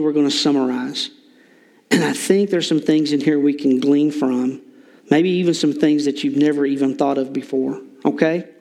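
A man's voice: on the high side, vocal fry, a little mellow. An older man preaching an informal sermon in a church, folksy with joking asides and lots of fillers. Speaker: lay preacher.

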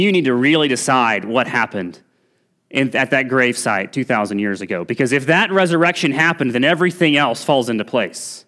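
A man's voice: medium pitch, fairly bright tone. A man preaching a sermon as pastor in a church, earnest and pressing, lifting his voice on key points. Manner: earnest preaching, rising emphasis on key points, occasional restarts. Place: church sanctuary.

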